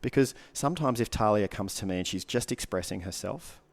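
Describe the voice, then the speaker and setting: Earnest low-voiced man coaching. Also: animated, a little fast, vocal fry. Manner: earnest, repetitive advice with short punchy phrases. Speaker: guest coach. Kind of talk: casual podcast conversation.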